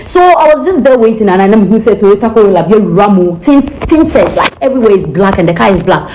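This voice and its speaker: A young woman with a Ghanaian accent tells her own story at a rapid clip. She is animated and acts out every exchange, mixing in pidgin. Her voice sits in a middle register. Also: mid-range voice, a little hiss or hum, low-quality recording. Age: young adult. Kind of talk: personal storytelling.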